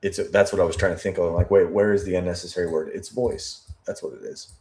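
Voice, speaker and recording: A man's voice: sits low, fairly even intonation, fast talker, darkish tone. A man giving analytical commentary on interview footage, thinking aloud, correcting himself and repeating key words.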